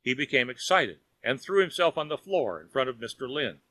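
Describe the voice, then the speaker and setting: Bright-voiced male storybook narrator. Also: medium pitch, sing-song, dry recording. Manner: storytelling, measured. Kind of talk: children's audiobook narration.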